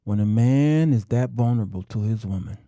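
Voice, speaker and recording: A middle-aged man talks to men in a slow, emphatic, sermon-like monologue, stretching his words and pausing for effect. His voice is gravelly and dark, recorded close and dry. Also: on the low side, no echo. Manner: slow, emphatic, drawn-out delivery with dramatic pauses. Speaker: talk show host.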